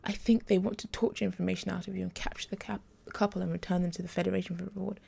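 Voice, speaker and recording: Blunt half-human detective, pressing and urgent, a woman reading him. Warm, gravelly. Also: lowish voice, flat delivery, very fast, heavily acted. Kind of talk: audiobook character reading.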